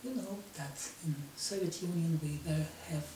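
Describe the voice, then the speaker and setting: A woman in her fifties from Russia with a Russian accent, giving a personal monologue in halting English full of restarts. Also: low-pitched, warm tone, roomy sound, far from the mic, a little hiss or hum, rough recording. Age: 50s. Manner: halting non-native English, slow, many restarts.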